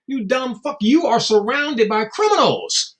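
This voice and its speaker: Man, guest in a casual interview, high voice, blunt, profane, acts out quotes. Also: expressive, measured pace, fairly bright tone. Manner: storytelling with acted-out quotes.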